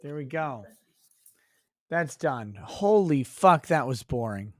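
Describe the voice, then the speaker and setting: A man's voice: medium pitch, expressive, slow pace, no room sound. A man holds forth on a livestream in a loose, profane rant. He is mocking and exasperated, swearing freely. The sound is dry, with no room around it. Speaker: livestream host.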